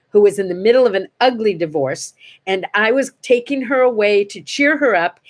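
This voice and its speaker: An older woman hosting a casual morning chat, telling stories in an animated way and acting out the voices in them. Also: medium pitch. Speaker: host.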